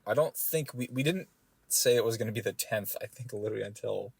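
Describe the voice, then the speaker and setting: A man's voice: fairly low pitch, brisk, gravelly, breathy edge, no room sound. A young man co-hosting a podcast in casual chat, joking, laughing and trailing off mid-sentence. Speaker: podcast co-host.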